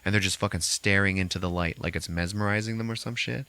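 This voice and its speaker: A man hosting a podcast, recapping a movie in a casual, animated way with constant swearing. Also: sits low, fast talker, smooth, no echo. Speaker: podcast host.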